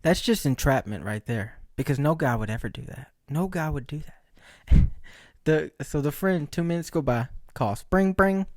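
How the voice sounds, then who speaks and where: A man's voice: a little high, expressive, moderate pace, darkish tone, dry recording, studio quality. A man hosting his own podcast, telling stories in a rambling, joking way, laughing often and asking rhetorical questions. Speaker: podcast host. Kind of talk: casual solo storytelling.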